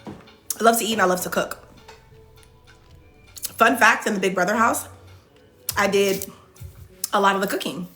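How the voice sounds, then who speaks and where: A woman talks casually on a livestream, reading viewer comments and answering them in a loose, chatty way full of "like" fillers. Her voice is bright and forward, with faint music playing underneath. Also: mid-range voice, unhurried, long pauses. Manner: frequent "like" fillers and restarts. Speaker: reality show contestant hosting a live Q&A.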